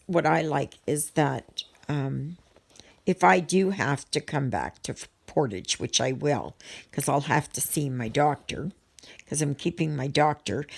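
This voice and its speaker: A woman's voice: low voice, gravelly. A middle-aged woman chatting casually to her viewers in a rambling way, full of ums and restarts. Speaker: vlogger. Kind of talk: casual chat to viewers while stitching.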